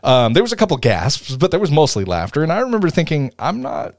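A young man with a Southern accent co-hosting a casual movie review podcast, joking and animated. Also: quick pace, no echo, studio quality. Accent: Southern American. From Tennessee. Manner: animated, jokey, swings between loud exclaiming and low mutters. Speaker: podcast co-host.

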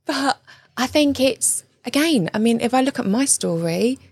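A woman's voice: fairly high pitch, animated, normal speed, darkish tone, breathy edge, no echo. A British woman in her thirties, a relationship coach, talking earnestly as a guest with emphatic repeated phrases and tag questions. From Britain. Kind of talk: conversational interview.

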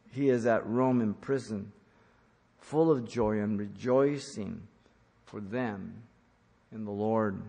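A man's voice: fairly low pitch, darkish tone, long reverb tail. A man preaching an earnest sermon, speaking as a pastor who repeats key points for emphasis.

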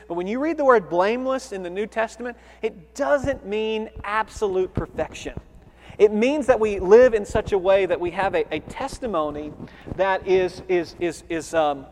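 A man preaching an expository sermon, earnest and emphatic, swinging between loud stresses and quiet low asides. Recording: long hall reverb.

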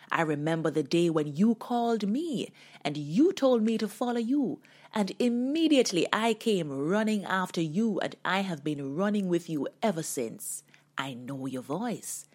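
A woman's voice: lowish voice, darkish tone. A woman voicing a bold male disciple who earnestly pleads to be called out onto the water.

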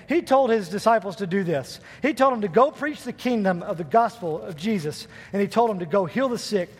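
High-voiced youth pastor guy preaching hard, church echo all around. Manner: fervent preaching, rising to shouts of praise. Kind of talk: sermon. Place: church sanctuary.

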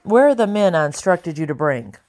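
A woman voicing a stern wealthy gentleman who speaks in a measured, firm and controlled way in an audiobook. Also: lowish voice, big pitch swings.

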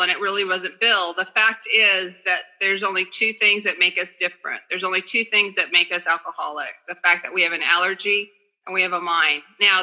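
A woman's voice: medium pitch, pushed and bright, lo-fi sound. A woman speaking at a recovery meeting over a phone video call, in casual, chatty and self-deprecating talk, sometimes reading aloud.

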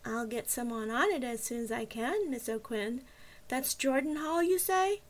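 A woman's voice: high voice, voice pushed up. Audiobook bit: woman reading a nasal, bored-to-death dispatcher, slightly off-mic. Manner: flat, bored, unhurried.

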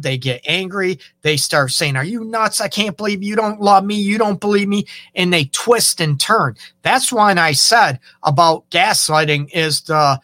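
Man, relationship counselor, casual advice talk, chatty with frequent "okay?" check-ins, slightly high voice, dry close sound. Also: bright, forceful tone, no echo. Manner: conversational, often checks in with "okay?" and "you know". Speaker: relationship counselor and show host.

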